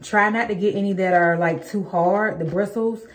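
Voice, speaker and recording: A woman's voice: medium pitch, moderate pace, roomy sound. A woman in her thirties chatting casually through a hair-care routine, calling her viewers y'all with plenty of ums. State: out of breath. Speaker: vlogger. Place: home, indoors.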